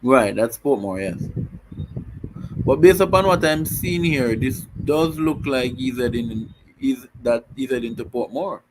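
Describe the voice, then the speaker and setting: Earnest man, halting talk. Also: mid-range voice, lively intonation, a little hiss or hum, low-quality recording. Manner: repeats himself while finding words, earnest. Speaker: guest commentator. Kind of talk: casual talk show chat.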